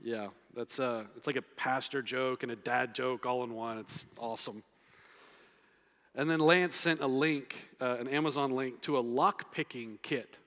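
Pastor preaching in a reverberant hall. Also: male voice, medium pitch, steady tone, measured pace, fairly bright tone. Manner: playful, conversational preaching with emphatic repetition. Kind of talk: sermon. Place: church sanctuary. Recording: long reverb of a large hall.

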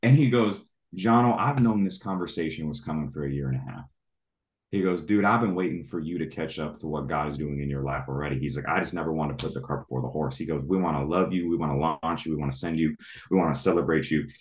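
A man in his thirties, a traveling evangelist, telling his faith story in an animated way and acting out his own reactions. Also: extremely low pitch, fast talker, echoey room. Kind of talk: testimony storytelling.

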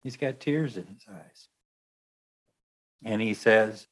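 A man telling a story aloud in a lively way, acting out the voices. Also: on the low side, takes it slowly, pauses often. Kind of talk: telling an anecdote.

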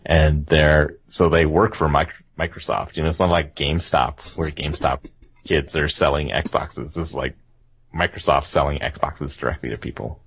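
A man's voice: very deep voice, steady tone, moderate pace, fairly bright tone, breathy edge. A man hosting a casual gaming podcast, rambling and laughing often. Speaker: podcast host. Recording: dull lo-fi podcast audio.

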